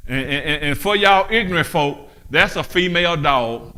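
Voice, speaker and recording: A man preaching a sermon, fiery and full of rhetorical questions, climbing to shouts. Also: fairly high pitch, expressive, normal speed. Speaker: pastor.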